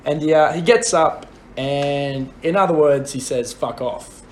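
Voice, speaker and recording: Young aussie bloke telling a pub yarn, dry and sweary, voice a bit high, faint hiss. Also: male voice, a little slow. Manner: blunt, profane, deadpan. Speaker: podcast co-host. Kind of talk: casual storytelling.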